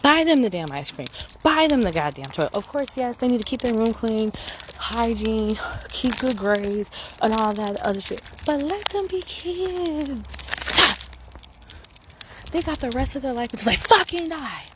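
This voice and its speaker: A vlogger in her thirties rants casually to camera on a morning walk, speaking frankly and emphatically and swearing freely. Her voice is on the high side and expressive, with a measured pace. The phone recording is outdoors and noisy.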